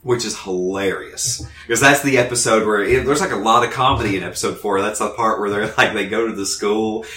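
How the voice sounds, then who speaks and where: Lively, laughing man in an echoey room. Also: on the low side, brisk, few pauses. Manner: animated, laughs often, acts out quotes. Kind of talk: casual chat about a TV show.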